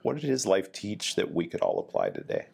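A man with a very low voice hosts a casual podcast interview. He runs a rapid-fire question round with an upbeat, teasing manner. Every question carries a little joke. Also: wildly swooping pitch, vocal fry, darkish tone, breathy edge. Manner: upbeat, joking quizmaster. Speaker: podcast host, command chief.

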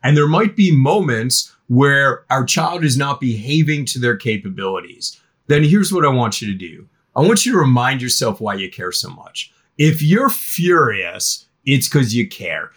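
A middle-aged man, a guest expert on teen parenting, speaking in a podcast interview with an animated manner. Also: medium pitch, a little slow, breathy edge.

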